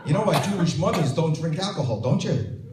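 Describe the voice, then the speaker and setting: A man's voice: fairly high pitch, expressive, a little fast. A man telling one-liner jokes on stage as an impression of a famous comedian, with punchy asides to the audience. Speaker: stand-up comedian. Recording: roomy sound from a distant mic with faint noise.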